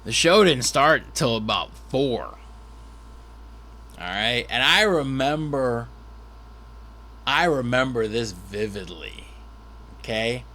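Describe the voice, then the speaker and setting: A man's voice: mid-range voice, pushed and bright, a little hiss or hum. A man who is a stand-up comedian, telling a rambling, self-deprecating story with restarts and asides. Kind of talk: storytelling monologue.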